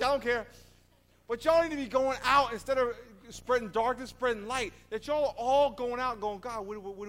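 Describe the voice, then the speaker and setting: A man preaching a sermon in an animated, emphatic way, asking his congregation rhetorical questions. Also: high voice. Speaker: pastor. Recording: reverberant hall.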